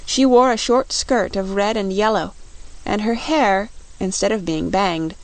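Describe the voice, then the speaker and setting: A woman narrating a classic fantasy storybook, reading steadily and clearly. Her voice sits in an ordinary middle pitch. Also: measured pace, dry recording. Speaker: audiobook narrator.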